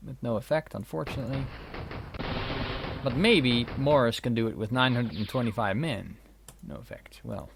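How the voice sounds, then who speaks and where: A man's voice: mid-range voice, a little hiss or hum. A man giving casual, wry commentary while playing a strategy game, swearing now and then. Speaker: let's play host. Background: keyboard and mouse clicks.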